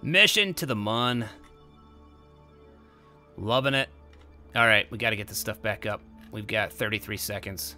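A young man giving casual let's-play commentary, excitable and bursting into loud exclamations. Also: fairly low pitch, measured pace, long pauses, no room sound, faint music behind. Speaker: gameplay commentator.

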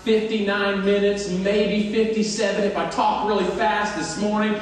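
An energetic male motivational speaker giving a keynote with stories and pulling the crowd in, in a large hall full of people. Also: high voice, a little hiss or hum. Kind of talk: keynote speech with storytelling. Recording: echoey hall, distant mic.

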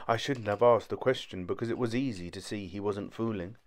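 A man narrating a short story in steady first-person storytelling. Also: on the low side, brisk. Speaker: audiobook narrator.

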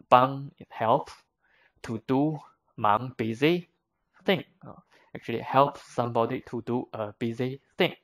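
A man's voice: medium pitch, fairly bright tone. A man whose first language is Chinese, teaching vocabulary to learners in a patient, step-by-step way with frequent fillers.

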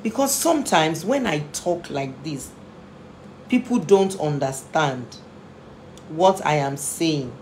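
A woman's voice: low-pitched, animated, slow, darkish tone, a little hiss or hum. Earnest woman giving an impassioned talk. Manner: earnest, repeats phrases for emphasis; emotional, pleading. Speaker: family therapist and inspirational speaker.

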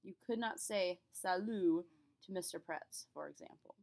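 A young woman teacher explaining a lesson clearly and patiently, with spoken examples for students. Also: on the low side, moderate pace, darkish tone. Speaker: French teacher. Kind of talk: classroom lesson.

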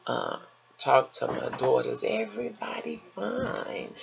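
An older woman vlogging in a slow, soothing, motherly way, calling her listeners baby and honey. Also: extremely low pitch, big pitch swings, gravelly. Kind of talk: encouraging vlog talk. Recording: dull lo-fi home recording with faint noise.

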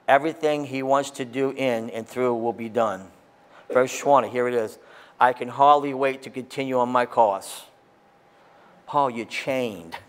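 A medium-pitched pastor gives an excitable, impassioned sermon, his volume surging at the peaks and falling away when he reads scripture softly.

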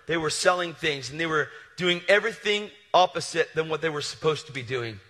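A man preaching a passionate sermon, moving between loud declarations and hushed storytelling, recorded live in a large hall. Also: fairly high pitch, animated, a little fast, hardly any pauses. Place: large hall with long reverb.

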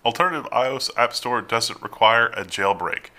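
A man's voice: medium pitch, animated, fairly quick, pushed and bright. A man co-hosting a tech news show, reading headlines and adding dry, wry commentary.

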